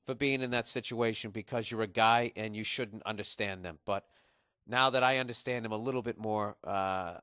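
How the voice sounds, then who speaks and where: A man's voice: on the low side, normal speed, sharp tone, smooth, no room sound, clean studio sound. A man in his forties hosting a podcast, giving blunt, profane advice in a rambling comic rant. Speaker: podcast host. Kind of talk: casual comedic advice rant.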